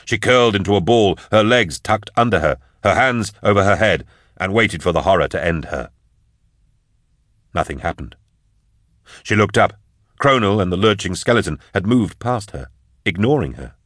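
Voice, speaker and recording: A man reading an action story aloud in steady, measured audiobook narration. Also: fairly low pitch, no echo, studio quality.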